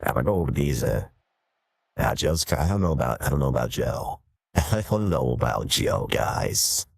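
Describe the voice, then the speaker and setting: A man using an AI voice changer to sound like a creepy deep-voiced man. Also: big pitch swings, moderate pace, vocal fry, breathy edge, no echo, studio quality, heavily acted. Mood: uneasy.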